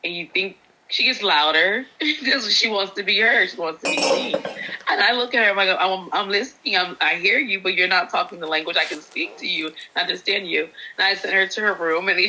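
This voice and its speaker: A woman's voice: medium pitch, normal speed, bright, forceful tone, rough recording. A woman in a parenting class, a mother, sharing an earnest personal update and retelling what happened at home. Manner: earnest, retells events with quoted lines.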